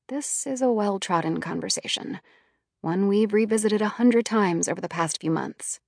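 A woman reading a first-person audiobook in a quiet, inward, subdued manner. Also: mid-range voice, normal speed, vocal fry, no echo, studio quality. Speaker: audiobook narrator.

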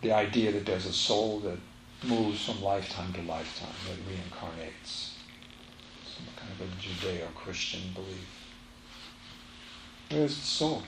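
A man's voice: deep voice, unhurried, creaky, pauses often, background noise. A man giving a spiritual teaching talk to a live audience, emphatic and repeating his phrases as he tells a story. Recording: roomy echo, faint ambience.

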